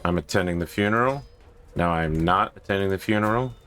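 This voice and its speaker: Deep-voiced man chatting over gameplay. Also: brisk, fairly bright tone. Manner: joking, self-mocking asides. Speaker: gaming video host. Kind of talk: casual gameplay commentary.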